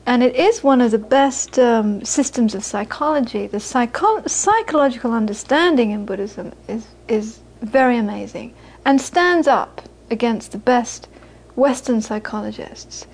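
A woman's voice: fairly high pitch, expressive, unhurried, hardly any pauses, darkish tone, husky, low-quality recording. A woman giving a live Buddhist talk to an audience, earnest and repeating phrases for emphasis. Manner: earnest, repeats phrases for emphasis, laughs while telling stories. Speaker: Buddhist teacher.

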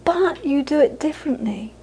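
A woman's voice: sits high, lively intonation, normal speed. A woman teaching a Buddhist talk to an audience, telling stories with laughter and repeated phrases. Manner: warm storytelling with laughter and repetition.

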